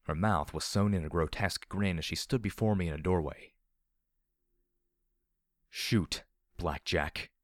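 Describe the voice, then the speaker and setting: A man narrating first-person fiction as an audiobook, in a measured storytelling delivery. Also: deep voice, no room sound, studio quality.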